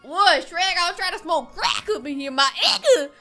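A woman voicing a brash, loud male cartoon donkey, drawling slang and laughing. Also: very high-pitched, slow, soft background music, voice pushed up, exaggerated voice. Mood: rowdy.

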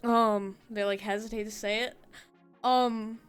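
A woman's voice: mid-range voice, steady tone, smooth, soft background music. A woman chatting casually with a friend, giggling often as she tells silly jokes. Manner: giggly, drawn-out speech. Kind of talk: casual joking chat.

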